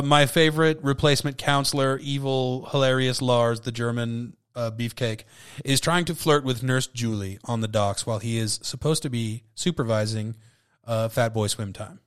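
A man's voice: mid-range voice, a bit bright, smooth. A tipsy man hosting a solo podcast, rambling loosely and swearing, often cutting himself off. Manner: loose, profane, self-interrupting. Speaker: podcast host.

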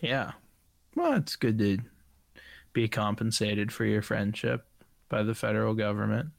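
A man in casual comedic chat, drawling in a laid-back way. His voice sits low with a gravelly edge. The sound is dry and close. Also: expressive, a little slow, dry recording.

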